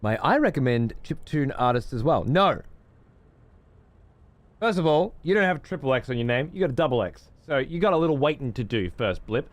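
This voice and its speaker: A man's voice: medium pitch, lively intonation, a little fast, no room sound. An Australian man streaming a game, swearing freely and ranting in exasperation while he chats to viewers. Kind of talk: casual gaming stream commentary.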